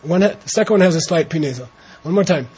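A man leading a translation class, talking slowly and relaxed while he coaches pronunciation. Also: fairly high pitch, noisy background. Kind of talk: informal class talk with chanted reading. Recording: dull lo-fi classroom recording.

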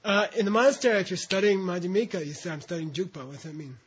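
A man's voice: high-pitched, lively intonation, fast, slightly rough. A man teaching a class, patiently leading students through a text syllable by syllable and explaining terms as he goes. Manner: patient, breaks words into syllables for students to repeat. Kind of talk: classroom lecture with call-and-repeat reading. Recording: dull lo-fi recording.

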